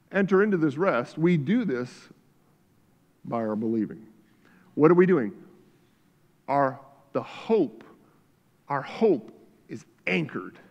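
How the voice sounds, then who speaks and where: A man preaching a sermon as pastor, shifting between quiet reflection and loud fervor, recorded in a church sanctuary. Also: high-pitched. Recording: church hall reverb.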